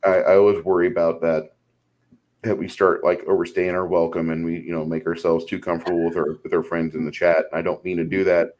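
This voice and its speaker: Low-voiced rambling male co-host. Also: level tone, fairly quick, darkish tone, poor audio. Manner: rambling, lots of "like". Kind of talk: casual chat.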